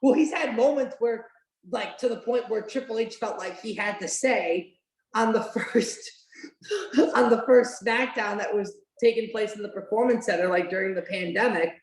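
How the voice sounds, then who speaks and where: Speaking at normal speed in a mid-range voice, the woman hosting this podcast watch-along keeps it casual and animated, with heaps of "like" fillers and an odd swear here and there. The recording carries a roomy echo.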